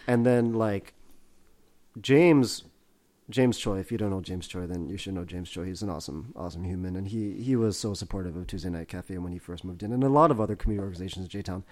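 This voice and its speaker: A man's voice: sits low, fast talker. A man from New Jersey, a podcast co-host, telling stories in casual chat and laughing often. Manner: animated storyteller, laughs often.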